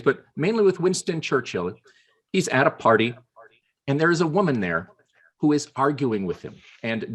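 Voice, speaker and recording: Husky man telling humorous anecdotes. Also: medium pitch. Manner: storytelling with playful pauses. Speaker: Toastmasters club speaker. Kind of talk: humorous prepared speech. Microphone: video call.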